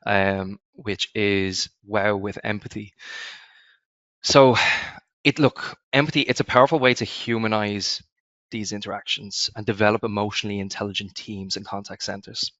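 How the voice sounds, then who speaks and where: A man hosting a webinar, presenting prepared points in a measured way and handing questions to guests. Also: on the low side, fairly bright tone, dry recording, lo-fi sound. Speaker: webinar host. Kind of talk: semi-scripted webinar presenting.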